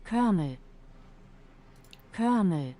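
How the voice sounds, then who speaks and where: A woman imitating a flat translator voice. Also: medium pitch, slow pace, voice pushed down. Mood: deadpan.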